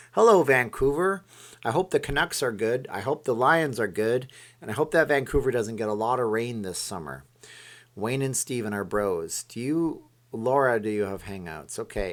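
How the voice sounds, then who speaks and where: Rambling man hosting a live stream. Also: mid-range voice. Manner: rambling, reads viewer comments aloud and answers them. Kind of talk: casual live stream chat.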